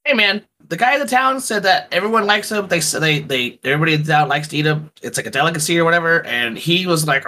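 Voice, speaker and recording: A man playing a tabletop game, joking and animated as he speaks in character. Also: a little high, fast, hardly any pauses. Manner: joking and animated, laughs often. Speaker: player. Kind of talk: casual in-character game chat.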